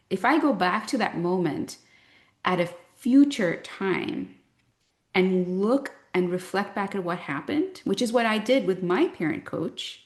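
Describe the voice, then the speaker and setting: A woman in her thirties with a medium-pitched voice works as a parent coach. She speaks to a parent group, reflective and gently explanatory, sharing personal stories.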